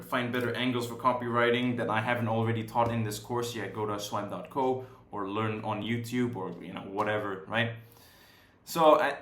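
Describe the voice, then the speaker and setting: A young man teaching an online course in a casual, high-energy, profane way, checking in with "right?" over and over. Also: fairly bright tone. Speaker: course instructor. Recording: roomy echo.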